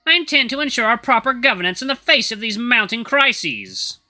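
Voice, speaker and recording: An entitled old she-wolf elder, acted by a man telling a story, her voice pitched far up and sharp. She sounds haughty and indignant, with bright, forceful delivery. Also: lively intonation, moderate pace, faint music behind, full character voice. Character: entitled, nosy female wolf elder, spiteful.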